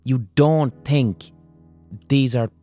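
A man hosting a podcast, delivering a comedic monologue with profane, animated ranting. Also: mid-range voice, very slow, soft background music. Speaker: podcast host.

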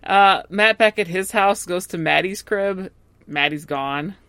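A young woman co-hosting a casual recap podcast, expressive and quick to laugh, adding short remarks. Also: fairly low pitch, dry recording. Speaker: podcast co-host recapping a TV series. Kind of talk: casual chat.

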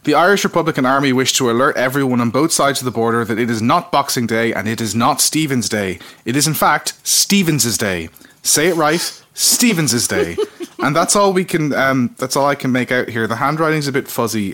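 A man co-hosting a comedic podcast, reading mock sponsor messages with a deadpan, sardonic delivery and frequent laughter. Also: mid-range voice, fast talker, few pauses. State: slightly tipsy. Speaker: podcast co-host.

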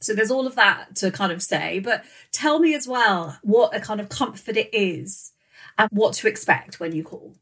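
A woman's voice: mid-range voice, expressive, moderate pace, fairly bright tone. A woman hosting an interview who asks supportive, thoughtful questions. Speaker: podcast host.

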